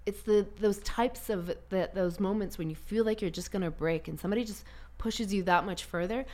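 A woman tells her story in casual conversation, animated and quick to laugh. Her pitch sits in the middle range. She sounds like a guest talking freely with a host.

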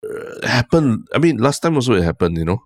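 A man with a Singaporean English accent, co-hosting a podcast in casual chat, telling stories in a relaxed, rambling way with frequent "lah". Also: medium pitch, brisk, no room sound, studio quality. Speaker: podcast co-host.

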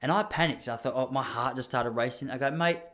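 A man's voice: mid-range voice, quick pace, fairly bright tone. Rambling Australian man telling a story. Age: 30s. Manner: rambling, self-deprecating, many asides. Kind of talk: casual storytelling.

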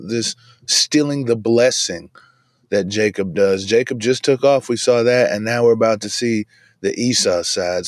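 A man hosting a casual devotional podcast from inside his van, talking in a relaxed, chatty way and often saying "man". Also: medium pitch, no room sound, clean studio sound. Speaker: podcast host. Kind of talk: casual devotional bible talk. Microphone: video camera in a van.

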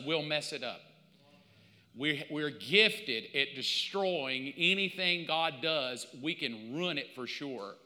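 A male pastor preaches a sermon in a hall with a long echo. His voice is bright and forceful, set a little high. He tells stories with animated, playful mock quotes.

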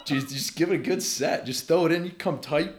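A man in his thirties, a podcast guest telling stories in casual conversation, lively and laughing often. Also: on the high side, a little fast, a little hiss or hum.

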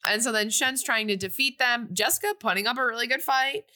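A woman's voice: fairly high pitch, fairly quick, sharp tone. A young woman on a podcast, casually retelling a movie plot in a rambling way, full of fillers. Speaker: podcast co-host. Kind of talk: casual movie recap chat.

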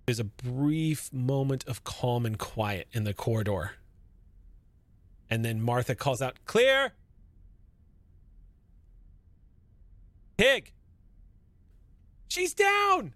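Serving as game master, a man narrates a sci-fi horror tabletop game in a mid-range voice at a measured pace, on a dry recording. His explanations of rules and scenes are relaxed, sprinkled with fillers and restarts.

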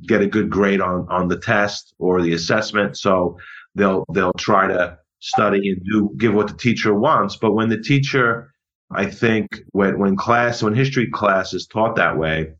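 A middle-aged man, a history teacher being interviewed, explaining in a measured, thoughtful way and often repeating words. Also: on the low side, fairly bright tone. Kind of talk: conversational interview. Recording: dull lo-fi audio.

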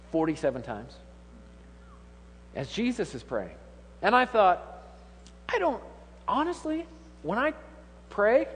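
A man's voice: fairly high pitch, a little hiss or hum. A man in his thirties preaching a humorous, conversational sermon with laughing asides. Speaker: pastor. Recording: long hall reverb.

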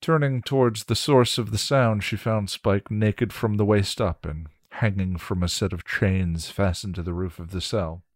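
Deep-voiced man reading a story. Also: fairly even intonation, moderate pace, few pauses, no room sound, clean studio sound. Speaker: story reader.

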